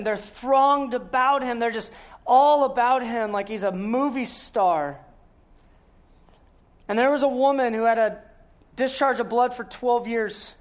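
A man giving a sermon, telling the story with rhetorical questions and earnest emphasis, sometimes dropping to a hushed voice. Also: very high voice. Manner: storytelling, asks rhetorical questions and answers them. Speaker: guest speaker.

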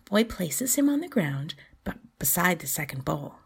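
A woman host reading her own short story aloud, softly and often in a near whisper, with a breathy voice. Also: on the low side, big pitch swings, normal speed. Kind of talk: storybook narration.

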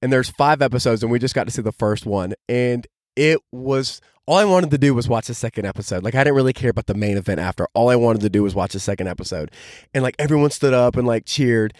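A man's voice: medium pitch, animated, fast talker, darkish tone, dry recording, clean studio sound. A young man hosting a podcast, telling a story in a casual, enthusiastic way and filling his talk with "like". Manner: enthusiastic, heavy use of "like" fillers. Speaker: podcast host.

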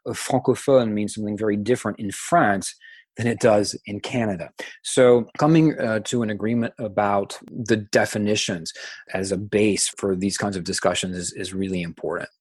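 A man from Louisiana speaks in a somewhat low voice, answering interview questions in a reflective, measured way. He often starts over mid-phrase as he works out his point. The recording is dry and close, with no room sound. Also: fairly even intonation, darkish tone, breathy edge, no echo. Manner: thoughtful, with frequent restarts and ums. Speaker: interview guest, French-language advocate.

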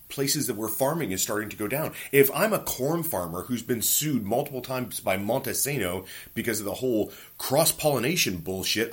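A man in his forties rants through a solo podcast, swearing freely as he jumps between opinions and stories from home. His voice sits low and slightly husky, and his pitch swings widely as he gets worked up. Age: 40s. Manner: profane, ranting, animated storytelling. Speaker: podcast host. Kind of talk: casual monologue.

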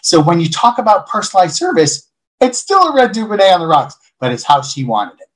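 A man from Buffalo, a hospitality leader, telling lively stories as an interview guest. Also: sits high, fairly quick, rough recording. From Buffalo, New York. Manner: animated storyteller who acts out quoted voices. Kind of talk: casual interview storytelling.

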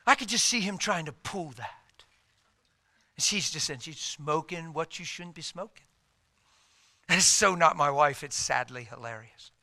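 A male preacher delivers a sermon full of lively, humorous stories. His voice is high-pitched and bright, and his delivery is animated. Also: a little slow, long pauses.

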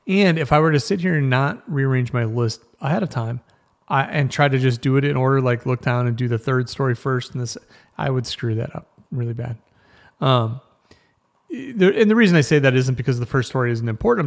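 Gravelly-voiced man chatting casually. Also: mid-range voice. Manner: rambling, self-interrupting, chatty. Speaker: news podcast host. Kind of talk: casual news chat.

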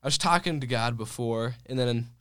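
A man's voice: medium pitch, moderate pace, fairly bright tone, clean tone, dry recording, clean studio sound. A young man co-hosting a podcast, telling stories in an easygoing, affirming way. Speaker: podcast co-host. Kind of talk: casual chat.

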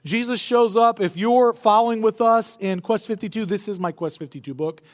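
A man preaching a sermon as a pastor, retelling the story in an animated, joking manner. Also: high-pitched, moderate pace. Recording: long hall reverb.

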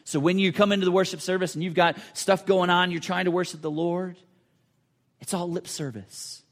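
A man preaching a sermon with a slightly higher than usual voice. He talks earnestly, repeats and restarts his phrases, and sometimes sinks to a near whisper to drive a point home. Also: steady tone, normal speed. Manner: earnest, repetitive preaching with many restarts and dramatic drops to a hush. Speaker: pastor.

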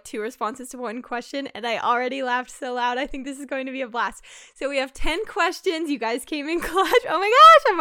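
A young woman with a bright, higher voice that stays smooth and clear, hosting her podcast in a bubbly, giggling chat. She reads listener answers aloud with quick asides, and the recording is dry and close to the mic. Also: no echo. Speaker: podcast host and shop owner.

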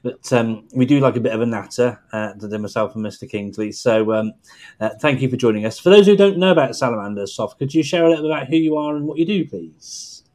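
A man's voice: mid-range voice, fast, a little mellow. A man co-hosts a show in a chatty way. He is hesitant and fills his talk with uhs. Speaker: co-host.

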